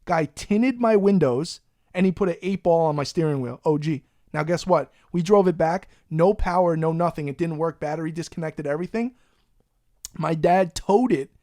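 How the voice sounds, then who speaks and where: A man's voice: on the high side, moderate pace, darkish tone, no room sound, studio quality. Profane New guy telling a story. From Long Island, New York. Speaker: podcast host. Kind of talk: casual storytelling.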